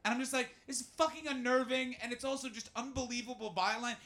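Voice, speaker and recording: A stand-up comedian working the room live, a man with a high voice. His tone is bright and cutting, and he jumps from loud bursts to low asides. He swears constantly as he teases the crowd. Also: fairly quick. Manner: animated, swearing, jumps between shouting and muttering. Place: live comedy venue with audience.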